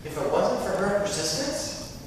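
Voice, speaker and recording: A man's voice: sits high, very animated, unhurried, slight background noise. A male priest giving a conversational homily, often checking in with tag questions. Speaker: pastor. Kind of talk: sermon. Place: church. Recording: echoey church hall, mic from far.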